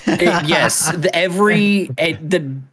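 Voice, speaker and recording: A man's voice: high voice, takes it slowly, a crowd in the background. Brief: male cop on a podcast, tells a rowdy story and does the voices of the people involved. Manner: animated storyteller, profane, acts out dialogue. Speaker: police officer guest. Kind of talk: casual podcast chat.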